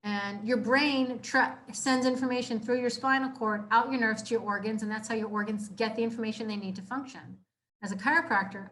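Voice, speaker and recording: A young adult woman speaks to a room of listeners about health. Her voice sits a touch on the high side, and she talks in a casual, earnest way, circling back, repeating points and leaning on fillers. It sounds like a live community talk, not a script. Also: a bit bright. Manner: casual, earnest, repeats herself with many fillers like "like" and "you know". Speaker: chiropractor giving a health talk. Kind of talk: informal health talk to an audience.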